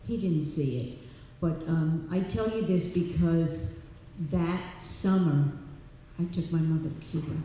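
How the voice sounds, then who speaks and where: A woman's voice: sits low, measured pace, a little hiss or hum. Woman telling her story in an echoey hall. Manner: warm, animated storytelling with laughs and repeats. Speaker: speaker at a recovery meeting. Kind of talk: personal recovery share to an audience. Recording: echoey hall, distant mic.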